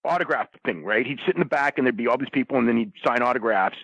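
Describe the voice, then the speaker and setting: A man's voice: mid-range voice, lively intonation, fast talker, creaky, a bit bright, slightly rough, dry recording. A man telling a story in casual chat, rambling, with lots of restarts and "you know"s. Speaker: podcast roundtable guest. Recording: dull lo-fi sound.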